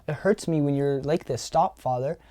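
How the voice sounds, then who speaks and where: A man voicing a hurt little girl softly pleading with her father. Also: a little high, moderate pace, dry recording, lightly acted.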